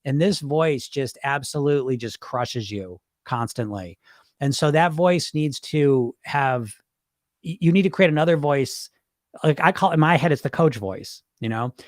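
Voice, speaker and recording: A man's voice: fairly high pitch, dry recording, studio quality. Blunt, profane male podcast host. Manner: blunt, profane, fast-shifting and animated. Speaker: weight loss hypnotist and podcast host. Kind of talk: casual podcast talk.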